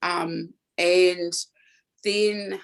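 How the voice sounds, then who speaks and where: A hoarse woman in her fifties with a New Zealand accent, chatting frankly as an interview guest. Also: lowish voice, steady tone, extremely slow, low-quality recording. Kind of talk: casual chat.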